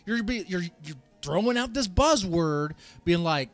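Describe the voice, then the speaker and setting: A man streaming a video reaction, ranting and swearing in a heated, animated way and laughing at himself. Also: high voice, moderate pace, hardly any pauses, soft background music.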